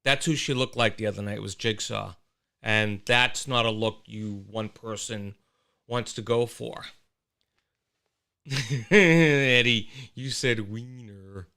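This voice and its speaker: A man's voice: on the low side, measured pace, gravelly. A man hosting a casual livestream show, talking animatedly and greeting viewers from the chat. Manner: animated, exclaiming, with frequent restarts.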